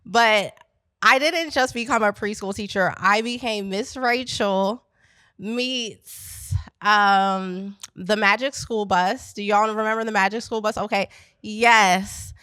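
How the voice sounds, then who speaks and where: A middle-aged woman from Pennsylvania, a business founder, telling a lively story to a live audience and talking straight to the crowd. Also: medium pitch, slow pace, smooth, no echo. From Pennsylvania, USA. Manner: animated, chatty, addresses the crowd directly. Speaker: business founder speaking at an event. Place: event space at a coworking venue.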